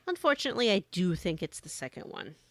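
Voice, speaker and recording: A woman's voice: mid-range voice, sing-song, quick pace, slight background noise. A woman co-hosting a podcast, recapping a video game story in a playful way with plenty of hesitant fillers. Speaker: podcast co-host.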